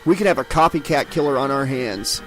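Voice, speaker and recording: A man's voice: medium pitch, a little fast, soft background music, natural voice. A man doing a curt, grim sheriff. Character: grim, brisk male small-town sheriff.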